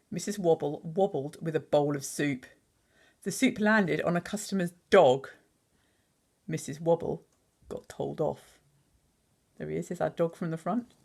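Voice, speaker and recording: A woman teacher reading a picture book aloud, pausing to chat and quiz the listener on words. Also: low-pitched, creaky, a little mellow, slightly rough. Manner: chatty, asks the listener questions.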